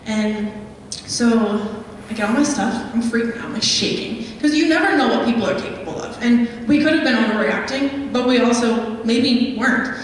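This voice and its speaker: A woman's voice: on the high side, normal speed, few pauses, a little hiss or hum. A young woman, a guest speaker, telling a chatty story with many ums to a live audience. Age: young adult. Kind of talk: live talk with audience questions. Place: meeting hall. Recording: echoey hall from far off.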